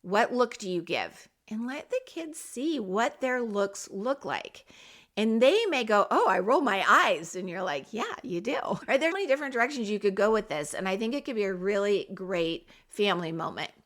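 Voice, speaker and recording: A woman's voice: medium pitch, animated, normal speed. A middle-aged woman hosting a parenting podcast who talks straight to the listener in an encouraging, coaching way. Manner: warm, coaching tone, direct address to parents. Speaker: podcast host.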